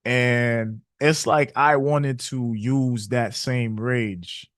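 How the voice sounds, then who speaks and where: A man's voice: mid-range voice, fairly even intonation, extremely slow, no echo, studio quality. A man hosting a webinar, talking casually and candidly, reflective, laughing often. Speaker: trading webinar host. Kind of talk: casual motivational talk.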